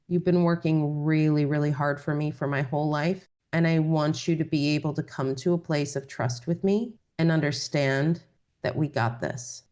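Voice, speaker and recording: A woman reading Akashic records for a client, talking in a gentle, reassuring, measured way. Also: sits low. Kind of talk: spiritual guidance session.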